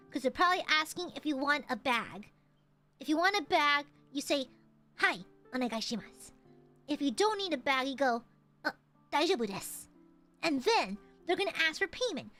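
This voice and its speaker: A young woman with a very high, bright, sharp voice chats playfully with her stream audience. She giggles often and reads the chat aloud in a casual, teasing way. Music plays faintly behind her.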